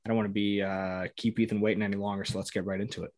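A man's voice: fairly low pitch, little pitch movement, racing, darkish tone. A man hosting a sports podcast, chatting casually and rambling with jokes and fillers. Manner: rambling, joking, lots of fillers. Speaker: podcast host.

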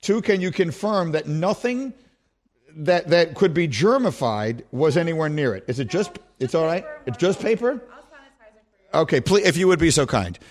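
A middle-aged man hosting a sports radio show, telling stories in a playful, animated way and laughing often. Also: fairly high pitch, moderate pace. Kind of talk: casual sports radio chat.

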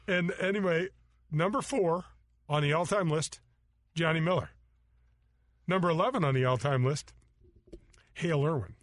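A middle-aged man tells golf stories on a radio show, animated and full of laughs. His voice sits a little high for a man, and the sound is dry and close. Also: normal speed, pauses often, no echo. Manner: animated storyteller, acts out voices, laughs often. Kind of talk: casual storytelling chat.

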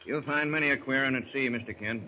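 An actor playing a firm, brisk sea captain who speaks curtly, in 1940s radio drama style, on a dull, hissy old radio recording. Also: male voice, medium pitch, close to an everyday voice. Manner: brisk, commanding, curt. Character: firm weathered middle-aged male sea captain.

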